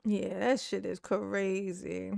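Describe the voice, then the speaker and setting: A woman's voice: mid-range voice, level tone, takes it slowly, vocal fry, a little mellow, no room sound, clean studio sound. A woman hosting casual online commentary, chatty and slangy, laughing often and talking back to what she watches.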